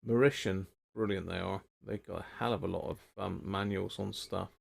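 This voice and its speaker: A man's voice: sits low, fairly even intonation, normal speed, gravelly. A man hosting a live repair stream, thinking aloud in a rambling, casual way and chatting with viewers. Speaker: radio repair livestream host.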